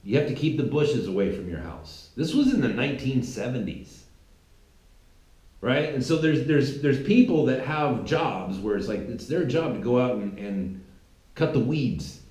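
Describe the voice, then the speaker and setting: A man's voice: medium pitch, lively intonation, moderate pace, darkish tone, roomy sound, low-quality recording. A middle-aged man from California hosting a political commentary show, talking in an emphatic opinionated monologue with many restarts.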